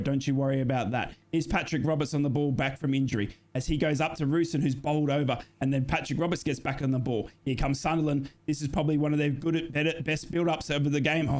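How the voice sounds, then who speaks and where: A man giving live, excitable football commentary as host, jokey and prone to shouting and gushing at big moments. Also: medium pitch.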